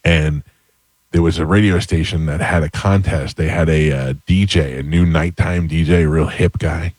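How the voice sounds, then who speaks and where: A man in his fifties hosting a radio talk show, telling rambling stories in a relaxed, casual way. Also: rumbling low, normal speed, breathy edge, no echo. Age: 50s. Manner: relaxed storyteller, rambling with restarts.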